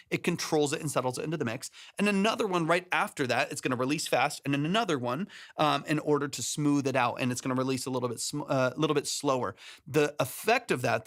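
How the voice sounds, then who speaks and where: A man's voice: on the high side, fairly bright tone. A man hosting a live music-production stream, explaining mixing with examples and many fillers, through a close, compressed studio mic. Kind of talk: live stream feedback chat.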